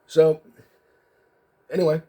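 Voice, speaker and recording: A man's voice: a little high, flat delivery, takes it slowly, mellow. A man telling a story casually as a card video host, rambling with lots of fillers and restarts.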